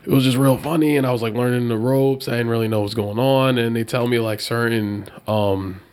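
Animated male guest telling stories. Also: mid-range voice, brisk. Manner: animated, laughing storyteller who acts out kids' voices. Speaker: podcast guest, jiu-jitsu instructor. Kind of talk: casual storytelling.

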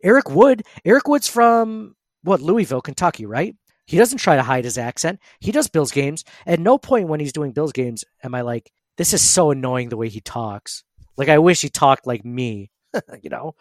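Animated, laughing man hosting a podcast. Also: fairly high pitch, normal speed, no echo, studio quality. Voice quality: says he has an annoying voice. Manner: animated, laughing, rambling with many fillers. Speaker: podcast host. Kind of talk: casual sports podcast chat.

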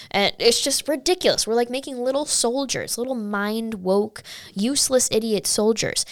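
A woman's voice: on the low side, creaky, clear, resonant tone, no room sound. Fired-up woman ranting on a podcast. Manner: animated, sarcastic, rising to exasperated outbursts. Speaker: podcast host. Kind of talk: opinion commentary monologue.

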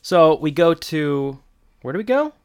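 A man's voice: a little high, big pitch swings, measured pace, darkish tone, smooth. A man co-hosting a casual podcast, laying out the plot of a TV episode with wry remarks. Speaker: podcast co-host. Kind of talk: casual chat recapping a TV episode.

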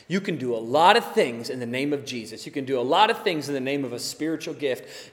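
A man with a high voice preaches to his congregation, swinging from forceful emphasis to hushed asides. His talk is casual and conversational, dotted with fillers, and a long reverb trails behind every word. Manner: animated preaching, swinging between loud emphasis and quiet asides; conversational, with occasional laughs and fillers. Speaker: pastor. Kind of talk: sermon.

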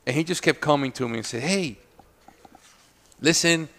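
A man guest on a talk show, telling stories in a casual, animated way and laughing often. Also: mid-range voice, fast talker. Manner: animated, laughing, loud when imitating others. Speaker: guest, cigar maker. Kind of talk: casual storytelling chat. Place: indoor studio, on a couch.

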